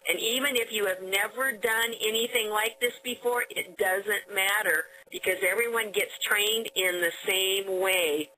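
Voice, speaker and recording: A woman's voice: medium pitch, a little slow, hardly any pauses, bright, forceful tone. A woman hosting a recorded conference call over the phone, chatty and enthusiastic, often restarting her sentences. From Oregon, USA. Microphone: telephone. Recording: phone line with faint noise.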